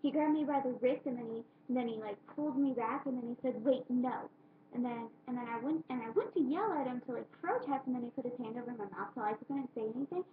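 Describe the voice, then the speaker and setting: A high-pitched young woman tells a story to her webcam, stumbling through restarts and piling on "like" at every turn. The sound is thin and tinny, as if through a phone line, and bounces around a roomy space. A faint hiss sits under her voice. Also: quick pace. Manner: rambling with constant "like" fillers and restarts. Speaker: vlogger. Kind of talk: rambling storytelling. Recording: thin phone-like webcam audio in an echoey room.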